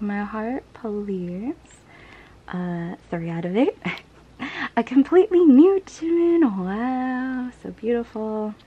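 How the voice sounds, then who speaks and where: Woman vlogger, mid pitch, casual gushing unboxing chat with faint background noise. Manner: gushing, breathless, swings to soft whispers and laughs.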